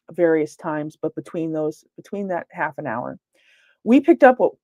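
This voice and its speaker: A woman's voice: lowish voice, darkish tone, no echo. A woman giving a lecture as a paranormal investigator, talking casually with frequent fillers and restarts. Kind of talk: presentation lecture.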